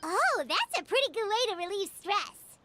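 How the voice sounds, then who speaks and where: A woman voicing a tiny, excitable floating companion creature who talks about herself in the third person. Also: very high-pitched, normal speed, music in the background.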